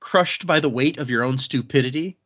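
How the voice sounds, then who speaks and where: This man co-hosts a casual podcast, speaking at medium pitch and a little fast, and the recording sounds muffled. He recaps a book animatedly, acting out the characters' lines as he goes.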